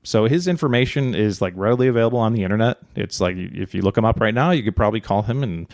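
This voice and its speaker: A man co-hosting a podcast, telling a true-crime story in a relaxed, rambling way with many fillers and joking asides. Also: lowish voice, fast, no room sound, clean studio sound. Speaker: podcast co-host.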